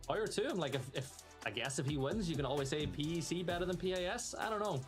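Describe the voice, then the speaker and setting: A man's voice: a little high, lively intonation, fast talker. Wry male esports panelist, music behind. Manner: wry and self-deprecating. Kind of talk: live esports panel chat.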